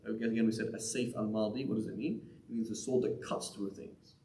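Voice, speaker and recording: A man's voice: on the low side, steady tone, fast, warm tone. A man giving a live lesson on Quranic Arabic in a conversational way, often asking "right?" and restarting his sentences. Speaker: teacher. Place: mosque or community center room. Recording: echoey room.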